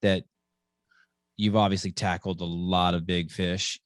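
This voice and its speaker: A low-voiced man hosting a casual podcast. He rambles through his thoughts, blunt and quick to swear. His voice sounds dry and close. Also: little pitch movement, no echo. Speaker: podcast host.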